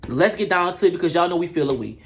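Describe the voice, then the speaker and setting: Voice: mid-range voice, lively intonation, quick pace, a little hiss or hum, close to an everyday voice. A comedic recapper voicing an indignant woman who confronts her friends. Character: indignant woman airing grievances.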